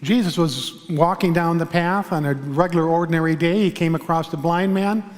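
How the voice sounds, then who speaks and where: Man preaching calmly in a reverberant hall. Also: on the high side. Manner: calm, measured storytelling with pauses. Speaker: pastor. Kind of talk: sermon. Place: large church sanctuary.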